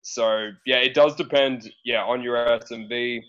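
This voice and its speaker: A man's voice: mid-range voice, fairly even intonation, unhurried, fairly bright tone. An Australian man talking casually as a podcast guest, laid-back, swearing and hedging with lots of fillers. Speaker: guest, dating profile coach. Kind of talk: casual chat. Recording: dull lo-fi sound.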